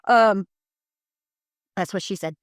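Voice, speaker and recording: A middle-aged woman from Colorado telling a paranormal investigation story in a casual interview, animated and full of fillers, acting out quotes. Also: mid-range voice, slow pace, dry recording, clean studio sound.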